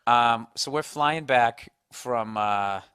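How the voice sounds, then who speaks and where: A man's voice: medium pitch, slow, pushed and bright, smooth, no echo, clean studio sound. A man hosting a podcast, talking in a blunt, profane, ranting way, mocking himself as he goes. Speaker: podcast host. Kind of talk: casual chat.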